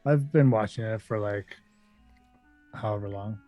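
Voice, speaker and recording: A man's voice: lowish voice, a little slow, mellow, faint music behind. A man playing a tabletop game in a laid-back, dry manner. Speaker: player. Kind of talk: casual tabletop play.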